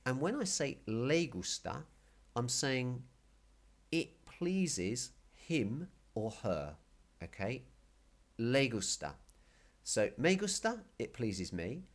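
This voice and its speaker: Slow, lively man teaching Spanish. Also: mid-range voice. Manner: patient, explains slowly and repeats words. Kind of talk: casual video language lesson.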